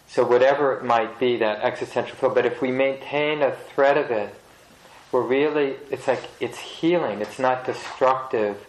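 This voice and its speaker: A man teaching meditation to a group, speaking slowly and reflectively, pausing to search for words. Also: medium pitch. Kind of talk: reflective dharma talk to a group. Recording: roomy echo of a meeting hall.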